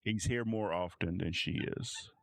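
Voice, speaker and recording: A man running a tabletop role-playing game as game master, narrating in a measured, descriptive way. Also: on the low side, huge pitch swings, creaky, a bit bright, no echo, clean studio sound.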